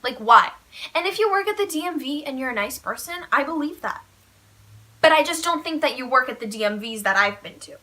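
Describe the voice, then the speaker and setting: A teenage girl telling a storytime vlog in a chatty way, full of "like" and animated retelling. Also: high-pitched, fairly quick. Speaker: vlogger.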